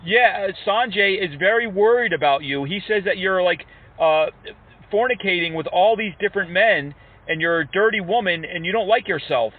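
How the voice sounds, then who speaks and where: A man's voice: sits high, moderate pace, far from the mic. A man making a prank phone call, taunting the person on the other end with fake sympathy and sarcasm. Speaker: scam-baiting prank caller. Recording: tinny phone line.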